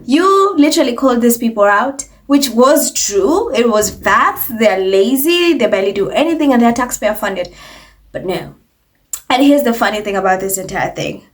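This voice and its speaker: A woman's voice: on the high side, animated, moderate pace. A woman hosting an opinionated commentary vlog, talking in a sarcastic, mocking way and putting on voices to imitate people. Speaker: commentary channel host.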